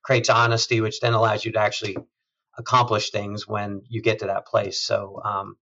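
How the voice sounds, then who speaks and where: A man, a chief executive, talking in a measured, thoughtful way in a conversational interview, often trailing off softly. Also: fairly low pitch, monotone, lo-fi sound. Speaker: hospital system CEO, guest.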